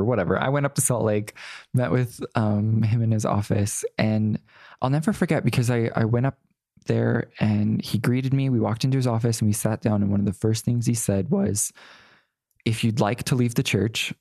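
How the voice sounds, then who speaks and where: A young man with a gravelly, creaky voice tells his story as an interview guest. He talks in a chatty, rambling way, with plenty of "like" fillers and the odd sassy aside. The sound is dry and close, with no room echo. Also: fairly low pitch, a little mellow.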